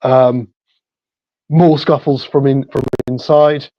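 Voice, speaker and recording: A man narrating as the storyteller of a tabletop game, relaxed and full of fillers. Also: mid-range voice, slow pace, no echo. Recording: dull lo-fi sound.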